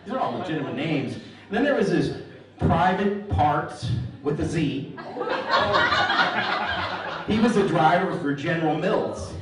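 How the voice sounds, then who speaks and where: A middle-aged comedian with a voice on the high side and lively intonation speaks at a measured pace on stage in a large hall. He tells dry stories that land on puns to a laughing live audience, and the echoey, distant-mic recording carries heavy background noise.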